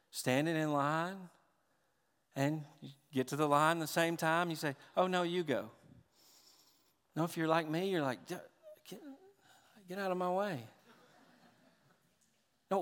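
A man preaching a sermon as pastor, animated, swinging from quiet, intimate lines to loud, emphatic ones. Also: a little high. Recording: long hall reverb.

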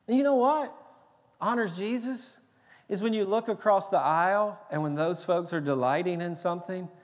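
High-voiced Tennessee preacher in a church hall. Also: male voice. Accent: Tennessee Southern. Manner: lively, joking, emphatic preaching with quick restarts. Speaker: pastor. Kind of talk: sermon. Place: large church sanctuary. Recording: long reverb of a large church hall.

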